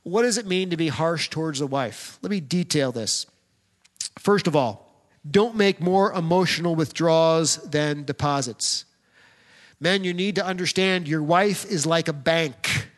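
A man's voice: a little high, a little slow. Man preaching in a reverberant hall. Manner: direct, plain-spoken, addresses the men in the room. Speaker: pastor. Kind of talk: sermon.

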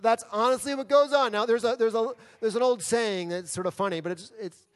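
High-voiced preacher in a reverberant hall. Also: male voice, brisk. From New York City. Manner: rhetorical questions, acting out quoted excuses. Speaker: pastor. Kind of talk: sermon. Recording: long reverb of a large hall.

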